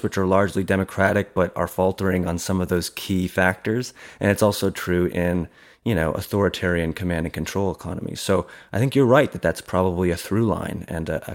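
A man's voice: sits low, darkish tone. A man on a call giving a thoughtful, analytical take in a film discussion, often restarting his phrases. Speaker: podcast panelist. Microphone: video call.

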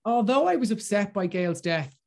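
An Irish man, a podcast guest, chatting in an animated, gushing way and stumbling over his words as he gets excited. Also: high-pitched, moderate pace, gravelly. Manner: gushing and animated, with lots of restarts. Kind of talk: casual film review chat.

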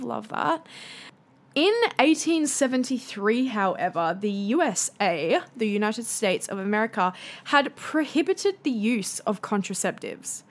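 A young woman with an Australian accent hosts a solo podcast, chatting in a playful way with ironic asides. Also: a little high. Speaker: podcast host. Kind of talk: casual solo podcast monologue.

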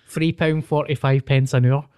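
A man's voice: medium pitch, steady tone, normal speed, darkish tone, clear, resonant tone, dry recording. Blunt Scottish man, dry close sound. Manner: blunt, sweary storytelling. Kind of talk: casual chat.

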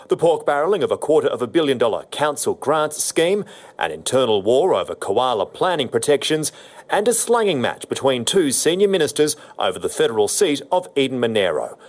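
A man reporting the news in a measured, matter-of-fact narration. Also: medium pitch.

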